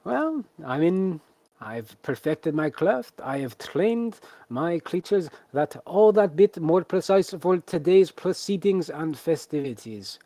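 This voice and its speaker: A flamboyant beast tamer in his thirties, as a man puts him on, playing to the crowd with booming, theatrical patter. His voice sits well above the performer's own and keeps swinging up into eager, showy calls. It sounds dry and close, with almost no room around it. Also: lively intonation, slow, mellow, no room sound. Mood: exuberant. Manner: grand, booming showman's patter.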